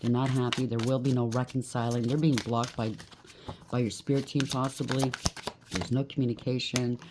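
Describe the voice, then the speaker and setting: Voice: mid-range voice, level tone, moderate pace, noisy background. A tarot reader giving a collective reading, blunt and emphatic, rattling off lists of traits and often checking in with "okay?".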